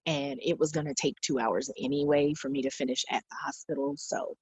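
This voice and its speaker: Deep, gravelly and husky, this forties-aged woman speaks a little fast in a sing-song way, with no room sound at all. She's a guest on a podcast, sincerely relating her own experiences and repeating what others told her.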